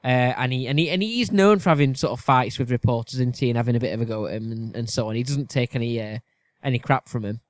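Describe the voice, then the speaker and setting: A man's voice: medium pitch, fast, no room sound. A man co-hosting a casual podcast, musing hesitantly over quiz answers and cutting in with questions. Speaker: podcast co-host and quiz contestant. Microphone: video call.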